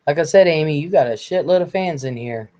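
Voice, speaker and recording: A man hosting a live stream in a relaxed, blunt way, reading viewer comments aloud and swearing casually. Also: on the high side, a little fast, lo-fi sound.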